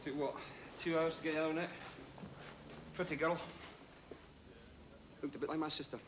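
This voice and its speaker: An actor playing a weary male police officer, telling of a crash in a halting, subdued way, with pauses. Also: on the high side, steady tone, close to an everyday voice. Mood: haunted. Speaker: police officer in a public information ad. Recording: hissy old VHS tape.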